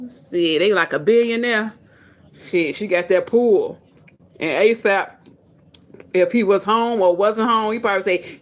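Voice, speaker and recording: A woman's voice: medium pitch, a little slow. A woman hosting a casual livestream, talking bluntly and with irritation and plenty of cursing. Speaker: livestream host.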